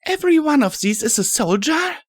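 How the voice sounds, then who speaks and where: A man's voice: very high-pitched, sing-song, brisk, no room sound, voice pushed up. A man voicing a tough, jumpy young mare heroine in an audiobook, terse and commanding. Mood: uneasy. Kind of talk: audiobook character voice.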